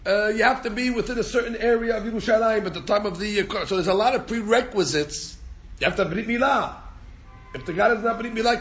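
A man's voice: high-pitched, dull audio. A man teaching an informal Torah class, repeating words as he restarts and chanting Hebrew verses.

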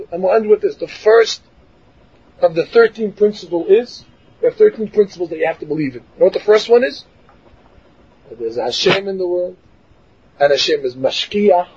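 A man with a high, husky voice gives a Torah lecture full of stories. He acts out each quote with lively energy and laughs often. The recording sounds dull and lo-fi. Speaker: rabbi teaching a class.

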